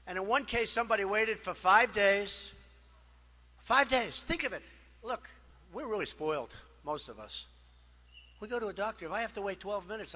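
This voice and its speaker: A man giving a campaign rally speech as a political candidate. He is boastful and rambling, repeats himself, and swings between loud declarations and quiet asides. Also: extremely high pitch. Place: rally crowd.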